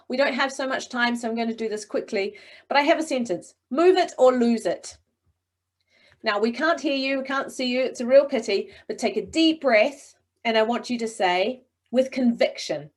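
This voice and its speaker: A middle-aged woman coaching speakers in a webinar, encouraging and expressive, talking over a video call. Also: a little high, moderate pace. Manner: encouraging, expressive, demonstrates voices. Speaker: presentation coach.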